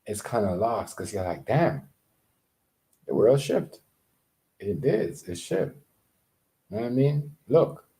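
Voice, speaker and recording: A man's voice: mid-range voice, warm tone. A man in a casual, rambling vlog rant, profane and emphatic, often repeating himself. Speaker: vlogger.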